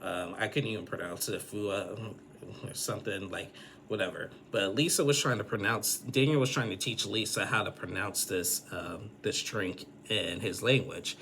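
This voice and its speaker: A man's voice: fairly low pitch, steady tone, moderate pace, sharp tone, a little hiss or hum. A man giving a casual, rambling episode recap, full of fillers and restarts. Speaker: recap vlogger.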